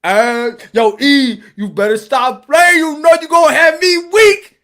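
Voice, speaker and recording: A man's voice: very high-pitched, normal speed. A man voicing a laid-back young man in street slang. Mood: flustered.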